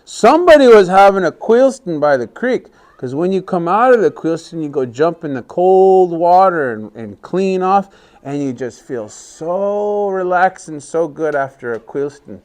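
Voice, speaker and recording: A man telling a story to a class of young children, animated and often asking them questions. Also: sits high, a little slow.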